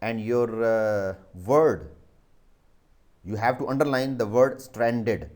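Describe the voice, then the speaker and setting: A man's voice: mid-range voice, slow, a little mellow. A male teacher with a Pakistani English accent, dictating a vocabulary exercise and spelling words letter by letter.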